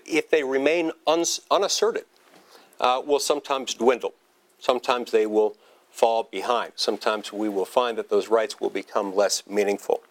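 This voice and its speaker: A man delivers a humorous anecdote in a speech, in a mid-range voice. He tells it wryly and pokes fun at himself, often stopping to restart a phrase before moving on. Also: medium pitch. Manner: wry, self-deprecating storytelling with halting restarts. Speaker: senator giving a speech.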